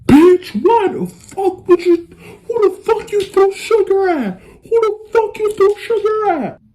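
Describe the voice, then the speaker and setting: A woman's voice: medium pitch, lively intonation, normal speed, lightly acted. A woman voicing an angry teenage girl who curses and demands a fight. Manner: loud, cursing, aggressive.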